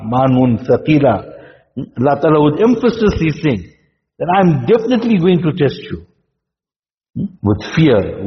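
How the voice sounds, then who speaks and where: A man delivers an Islamic sermon in a steady, measured voice, pausing for rhetorical questions. His voice echoes with a long tail, as if recorded in a large hall. The sound is dull and lo-fi. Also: mid-range voice. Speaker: Islamic preacher.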